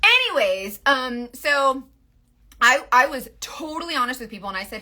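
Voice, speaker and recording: Bright rambling woman in her forties. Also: sits high, big pitch swings, moderate pace. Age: 40s. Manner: rambling, full of "like" and self-interruptions. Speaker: makeup direct sales team leader. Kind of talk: casual chatty monologue.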